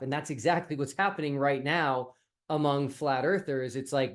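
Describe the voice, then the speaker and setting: A man's voice: fairly high pitch, moderate pace. A male host giving a casual spoken update, retelling a film scene as a comparison. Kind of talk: casual commentary.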